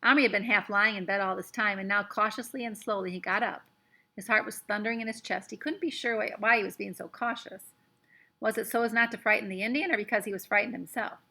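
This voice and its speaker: Bright-voiced woman reading a story aloud. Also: mid-range voice, quick pace, creaky. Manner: expressive, lively narration. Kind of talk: reading a children's book aloud.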